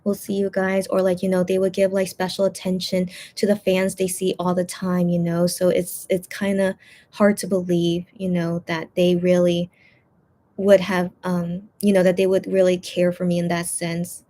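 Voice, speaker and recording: A woman with a warm, fairly low voice and a completely flat delivery hosts a casual livestream and reads chat. Rambling and full of "like" and "you know," she confides emotionally in her viewers and is quick with apologies.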